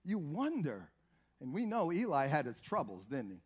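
A man's voice: a little high, huge pitch swings, normal speed, darkish tone, husky. A man preaching a sermon in an emphatic, repetitive way, calling out hallelujah.

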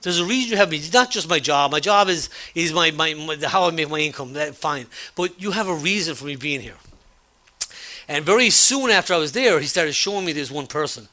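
Bright-toned man preaching conversationally. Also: fairly high pitch, a little fast. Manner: conversational, with frequent restarts and chuckles; quotes dialogue in an animated retelling. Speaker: pastor. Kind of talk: sermon with personal story.

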